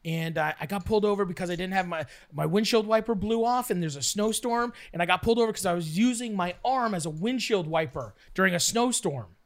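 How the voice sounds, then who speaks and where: A man's voice: high-pitched, fairly quick, hardly any pauses. A man telling a long, profane story in casual chat, acting out the quotes along the way. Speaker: storyteller guest. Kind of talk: casual storytelling while playing cards.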